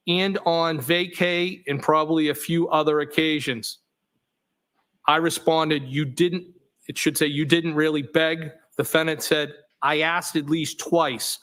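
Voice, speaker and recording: In a courtroom, a man with a slightly high voice testifies as a trial witness, reading text messages aloud steadily and matter-of-factly, including saying the punctuation out loud.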